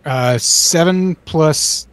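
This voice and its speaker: Stammering man player, fairly high voice. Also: extremely slow, dry recording. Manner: hesitant, stammering. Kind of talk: casual tabletop game talk.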